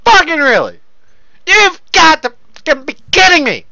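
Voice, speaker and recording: A man commentating his own gameplay, loud and profane, often yelling into a close desk mic. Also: extremely high pitch, huge pitch swings, moderate pace, vocal fry, no room sound, lo-fi sound.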